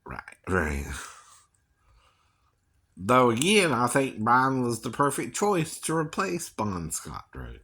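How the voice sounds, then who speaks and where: A man's voice: mid-range voice, wildly swooping pitch, takes it slowly, pauses often, bright, forceful tone, husky. A man vlogging in a rambling casual monologue, chuckling often and ending lines with a questioning tag. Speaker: vlogger and singing impersonator.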